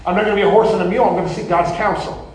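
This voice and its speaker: A man preaching a sermon in an animated, folksy way, often breaking into laughter. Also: sits high, rapid-fire, a little hiss or hum. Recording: echoey room.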